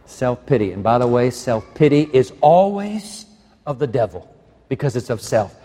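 A man preaching a sermon as pastor, impassioned, swinging between hushed, tender phrases and fervent exhortation. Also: medium pitch, animated, normal speed, big-room sound.

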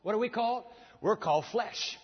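A man preaching a sermon in a large church, lively and directing the congregation as he teaches. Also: high voice, brisk, slightly rough. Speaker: pastor. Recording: long reverb, dull sound.

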